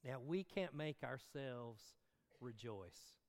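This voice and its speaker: A pastor preaching a sermon in an earnest way, with filler ums and self-corrections. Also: male voice, medium pitch, expressive, slow, long reverb tail.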